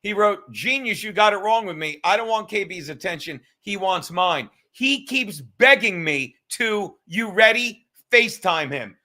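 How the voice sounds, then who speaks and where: A man's voice: sits high, expressive, a little slow, hardly any pauses, bright, forceful tone. A man hosting a livestream, ranting and mocking in a profane, combative way. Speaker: livestream host.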